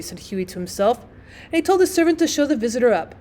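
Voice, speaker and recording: A woman teacher narrating a classic short story in a clear, expressive audiobook reading. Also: on the high side, quick pace, a little hiss or hum.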